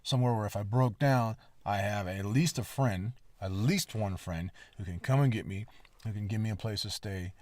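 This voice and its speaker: A man with a low voice tells a long personal story on his podcast, casually and with plenty of swearing. He rambles through asides and leans hard on emphatic moments. The sound is dry and close, with no room around it. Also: moderate pace, no room sound. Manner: lively, emphatic retelling. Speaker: podcast host.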